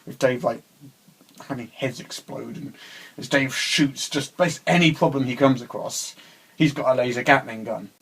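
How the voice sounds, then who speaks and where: A man's voice: medium pitch, moderate pace, fairly bright tone, breathy edge, rough recording. A young man co-hosting a casual chat, talking hesitantly with many restarts and frequent laughs. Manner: hesitant, chatty, laughs often. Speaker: co-host.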